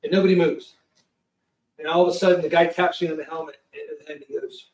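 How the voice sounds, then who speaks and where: A man telling a lively story as a podcast guest, swearing freely and restarting his sentences often. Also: a little high, a little fast, echoey room, recorded from a distance, rough recording. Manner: profane, lively, full of restarts. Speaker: guest producer. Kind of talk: animated storytelling.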